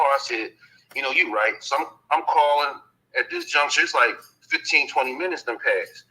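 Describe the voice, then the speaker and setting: A man tells a rambling story in casual talk, his voice bright and edged, swinging widely up and down in pitch. He keeps dropping in "you know what I'm saying" and slips into the voices of the people he quotes. The sound has a radio-broadcast feel. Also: poor audio. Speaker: dog transporter telling a story.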